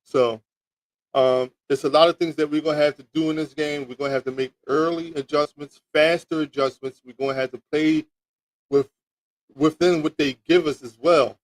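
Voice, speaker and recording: A man's voice: fairly high pitch, steady tone, moderate pace, dry recording, poor audio. A man hosting a sports talk show, rambling through football picks and teasing his live chat, with lots of repeats and restarts. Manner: rambling, repeats words, teasing chat with mock toilet flushes.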